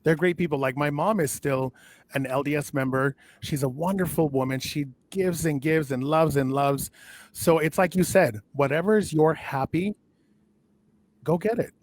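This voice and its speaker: Chatty, higher-voiced middle-aged man. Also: normal speed. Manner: chatty and effusive, repeats himself warmly. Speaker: interview host. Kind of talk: casual interview talk.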